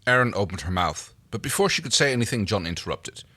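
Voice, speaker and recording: A man's voice: on the low side, animated, fast, bright, forceful tone, husky. A man co-hosting a podcast, reading fan fiction aloud with playful banter and laughter. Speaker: podcast co-host.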